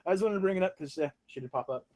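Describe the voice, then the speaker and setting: A man co-hosting a podcast, in relaxed casual chat that is full of fillers. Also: high-pitched, rapid-fire. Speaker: podcast co-host.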